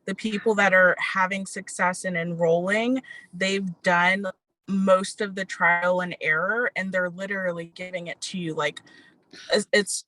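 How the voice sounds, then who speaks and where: A woman's voice: medium pitch, fairly bright tone, dry recording, low-quality recording. A woman on a video call giving casual, chatty advice. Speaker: guest on a team video call.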